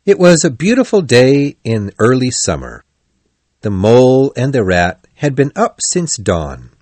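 A man narrating a children's story for learners in a clear, expressive way. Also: medium pitch, measured pace, no room sound.

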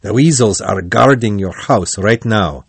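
A man's voice: on the low side, unhurried, no room sound, heavily acted. A man reading the part of a stern, serious old badger in a children's storybook. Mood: planning. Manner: gruff scolding then kind.

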